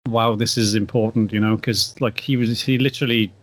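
A man's voice: lowish voice, steady tone, a little fast, dry recording. Man, laid-back storyteller, casual chat, dry close sound. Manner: laid-back storyteller, laughs often, acts out quotes. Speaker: guest photographer.

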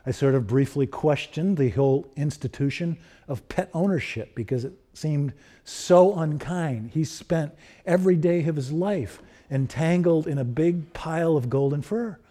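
A middle-aged man preaching a sermon, building through repeated rhetorical questions and softening into personal stories. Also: a little high, unhurried. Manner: rhetorical questions, rising emphasis. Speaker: pastor.

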